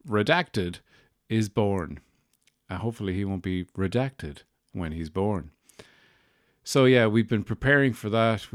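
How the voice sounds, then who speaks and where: A man's voice: low voice, dry recording, studio quality. A man hosting a podcast, talking in a rambling, wry monologue with self-deprecating asides. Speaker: podcast host. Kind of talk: casual monologue.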